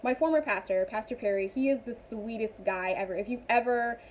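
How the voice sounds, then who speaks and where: A young woman chatting casually in a vlog, animated and rambling with frequent asides. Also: fairly high pitch, brisk, a little hiss or hum. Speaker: vlogger.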